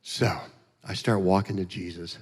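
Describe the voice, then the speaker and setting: A man giving a testimony as a guest speaker in a church, telling it in an animated, joking way and acting out the voices. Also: deep voice, normal speed, breathy edge. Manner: animated, joking storyteller who acts out voices. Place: church sanctuary. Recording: long church hall reverb.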